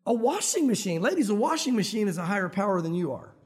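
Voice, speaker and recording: A man's voice: high-pitched, sing-song, fast, a little mellow. A man preaching a sermon in a conversational, joking way, stressing key words as he teaches verse by verse. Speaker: pastor.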